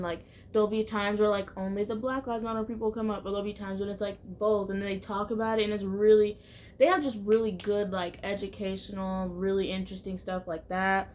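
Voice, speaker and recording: A woman YouTuber chatting casually to camera in a vlog, rambling from thought to thought with a steady stream of "like" fillers. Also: medium pitch, slight background noise. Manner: rambling, heavy use of "like" fillers.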